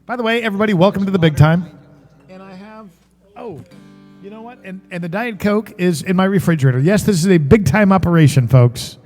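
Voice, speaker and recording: Chatty music-stream host, a man with a high voice and a guitar behind him, some hall reverb. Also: fairly quick, a little mellow. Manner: chatty, joking, greets viewers by name. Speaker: musician and livestream show host. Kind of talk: casual chat with viewers.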